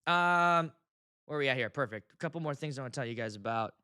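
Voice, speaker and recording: A man hosting his own show, telling wedding DJ stories in a casual chat. He is animated, laughs often and acts out how the crowd reacts. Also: mid-range voice, fast, clear, resonant tone, no room sound, studio quality.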